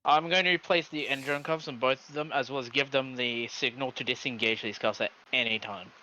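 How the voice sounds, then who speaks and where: A man's voice: medium pitch, fairly quick, bright, forceful tone, lo-fi sound, a little hiss or hum. A man speaking as a player in a tabletop game, matter-of-fact and casual.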